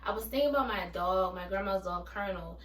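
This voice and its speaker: A woman's voice: medium pitch, fast, fairly bright tone, far from the mic, slight background noise. Candid young woman vlogging in an echoey room. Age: 20s. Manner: candid, rambling with many fillers and restarts. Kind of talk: personal storytime vlog.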